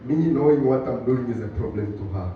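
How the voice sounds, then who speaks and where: A man with a Tanzanian accent doing a stand-up comedy routine, telling animated stories and slipping into Swahili. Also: mid-range voice, brisk, a little hiss or hum. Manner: animated storytelling, switching between English and Swahili. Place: comedy club stage. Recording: echoey distant muffled club recording.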